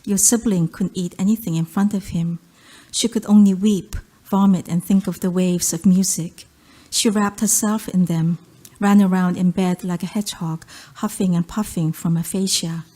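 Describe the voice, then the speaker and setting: A woman from South Korea with a Korean accent, reading her poetry aloud in a measured, rhythmic recitation. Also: lowish voice, steady tone, mellow. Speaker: poet.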